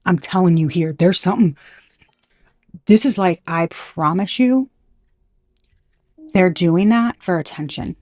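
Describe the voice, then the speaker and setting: A woman's voice: lowish voice, a little slow, pauses often, darkish tone, dry recording. A woman giving a casual channeled tarot reading, blunt and profane, who gets fired up, trails off and restarts often. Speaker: intuitive tarot reader.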